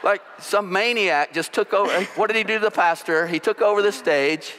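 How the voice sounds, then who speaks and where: A man preaching a sermon as pastor, telling stories with animated delivery. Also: high voice, a little fast. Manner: storytelling, animated. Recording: long hall reverb.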